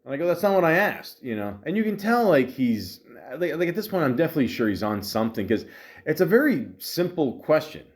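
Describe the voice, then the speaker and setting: A man's voice: a little high, big pitch swings, brisk, darkish tone. A man hosting a podcast, telling a story in a rambling, exasperated way, full of fillers, restarts and swearing. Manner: exasperated retelling of an argument. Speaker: podcast host. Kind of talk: casual storytelling.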